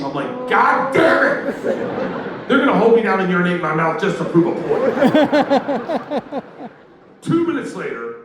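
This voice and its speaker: A man's voice: a little high, background noise. A man telling a stand-up story, acting out the voices of the people in it. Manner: loud animated storytelling, acts out quoted voices, audience laughter. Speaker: stand-up comedian. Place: live comedy venue. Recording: loud roomy ambience, distant mic.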